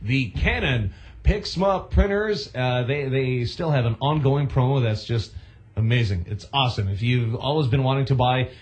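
A man's voice: mid-range voice, moderate pace, a little mellow. Rambling radio DJ man. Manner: rambling, many fillers and restarts. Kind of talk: casual radio banter.

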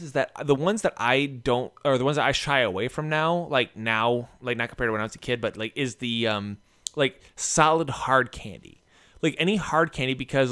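A man telling a rambling story in casual chat, full of "like" fillers and animated retellings. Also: medium pitch, clean tone.

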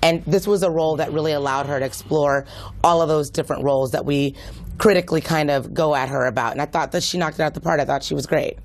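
A woman's voice: sits low, quick pace. A woman on a talk show panel who speaks in a confident, articulate way. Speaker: panelist, senior writer. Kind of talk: panel discussion.

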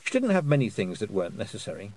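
A man reads a storybook aloud with an expressive, husky voice. His pitch moves a lot from phrase to phrase. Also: fast talker, rough recording. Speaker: audiobook narrator. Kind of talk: scripted narration.

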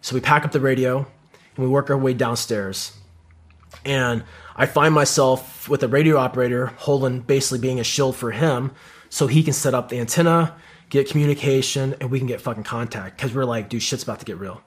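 A man's voice: medium pitch, fairly quick. Man telling a war story, swearing freely. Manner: heavy swearing, vivid and animated retelling. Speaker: podcast guest, combat veteran. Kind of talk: casual storytelling.

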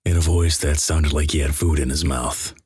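A man reads an internet story aloud in a flat, deadpan delivery. His voice is extremely low and noticeably husky. The sound is dry and close, with no room echo. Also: normal speed. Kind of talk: reading a greentext story.

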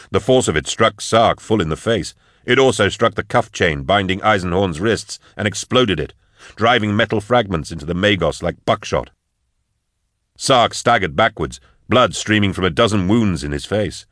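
A man giving steady, measured scripted narration of an audiobook. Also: deep voice, dry recording, studio quality.

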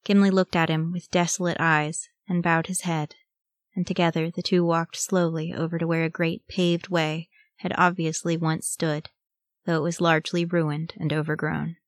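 Low-voiced woman narrating a story. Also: flat delivery, normal speed, no echo, clean studio sound. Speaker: audiobook reader.

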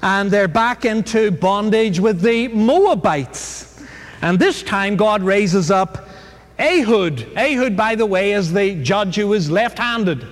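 Chatty, joking male Bible lecturer, fairly high voice, long hall reverb, faint noise. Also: expressive, slow. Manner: chatty, digressive, joking, many fillers. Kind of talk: humorous lecture to an audience.

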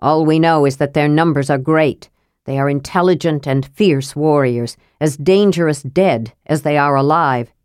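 A woman voicing a calm, serious male half-elf leader from a storybook, speaking in a measured, earnest way. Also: low voice, clear, resonant tone, dry recording, clean studio sound, natural voice.

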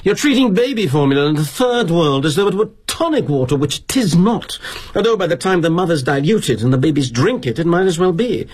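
A man's voice: on the high side, very animated, brisk, darkish tone, slightly rough, pitched above the performer's own voice. A man voicing an indignant young British employee with a British accent, sputtering and heated.

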